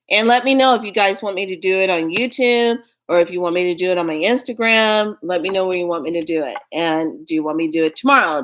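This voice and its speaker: A woman chatting straight to her viewers about spiritual practice. She sounds playful and affectionate, laughs easily and often, and closes with warm sign-offs. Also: mid-range voice. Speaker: spiritual vlogger. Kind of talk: casual spiritual chat to viewers.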